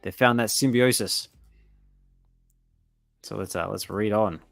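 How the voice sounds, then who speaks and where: A man casually reading a comic aloud and reacting excitedly to the panels as a channel host. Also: lowish voice, a little slow, gravelly, dry recording, faint music behind.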